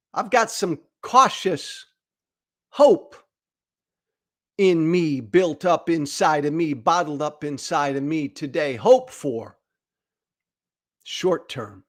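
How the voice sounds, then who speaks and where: An American man with a somewhat high, slightly bright voice hosts a political commentary podcast. He speaks bluntly and candidly, often repeating words to drive a point home.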